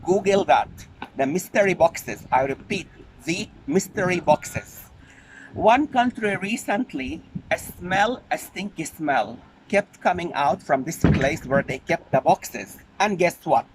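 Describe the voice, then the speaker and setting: A man's voice: fairly high pitch, lively intonation, a little slow, hardly any pauses. A man making an earnest, pleading spoken appeal for animal welfare, repeating his key points. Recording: noisy background.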